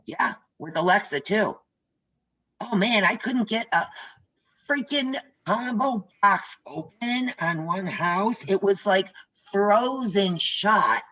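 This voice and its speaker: A woman's voice: medium pitch, lively intonation, takes it slowly, sharp tone, breathy edge, muffled recording. An older woman teaching a class on a video call, chatty and direct, telling stories as she goes. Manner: chatty, tells stories, talks straight to trainees. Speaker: real estate instructor.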